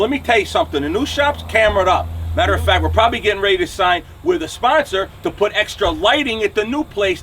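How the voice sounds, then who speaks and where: Outside his truck shop, a trucking channel host in his forties rants angrily to camera with a New Jersey accent, blunt and profane, tagging lines with "okay?" and "right?". His voice sits high with a fairly bright tone, picked up from a distance with slight background noise.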